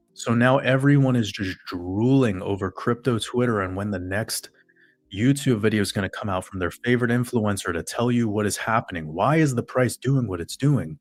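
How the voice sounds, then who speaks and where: A man's voice: lowish voice, no echo. Profane ranting man, dry close sound. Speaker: host. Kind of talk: casual rant to a livestream chat.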